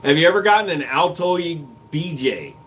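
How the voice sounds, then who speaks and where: A man's voice: fairly high pitch, lively intonation, moderate pace, fairly bright tone, a little hiss or hum. A man hosting a livestream, reading chat comments aloud and answering with crude jokes and casual gun talk. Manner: crude joking banter, reads comments aloud.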